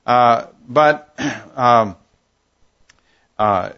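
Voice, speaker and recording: A man teaching a Bible passage verse by verse, unhurried and thoughtful, pausing often with "uh". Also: medium pitch, gravelly, a bit bright, highs cut off. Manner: unhurried, thoughtful, with frequent "uh" pauses.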